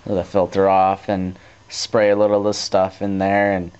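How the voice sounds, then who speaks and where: A teenage boy casually telling a story to his camera, rambling with restarts and growing animated as he retells it. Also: deep voice, normal speed, clear, resonant tone. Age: teens. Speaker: vlogger. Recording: dull lo-fi camcorder tape audio.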